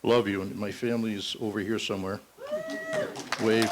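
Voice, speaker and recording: A man's voice: fairly low pitch, flat delivery, normal speed, a loud crowd, heavy background noise. Folksy older man giving a speech. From Massachusetts. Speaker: parade marshal giving acceptance speech. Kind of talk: ceremonial speech with a told joke. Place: banquet hall at a ball.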